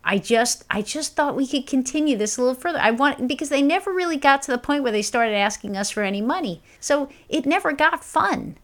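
A woman's voice: high-pitched, lively intonation, a little fast, hardly any pauses. A woman co-hosting a casual podcast, mostly listening and chiming in with short, easygoing replies. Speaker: podcast co-host. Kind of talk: casual chat.

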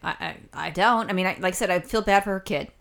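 A woman's voice: fairly low pitch, fast talker, creaky, a bit bright. A woman co-hosting a casual chat podcast, blunt, profane and rambling. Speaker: podcast co-host.

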